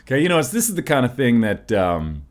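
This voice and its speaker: A man talking casually in a rhetorical, folksy way, often tagging his points with questions and slowing down to stress single words. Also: medium pitch, huge pitch swings. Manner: rhetorical, folksy, keeps asking "right?". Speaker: preacher musing on word origins. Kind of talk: casual spoken monologue.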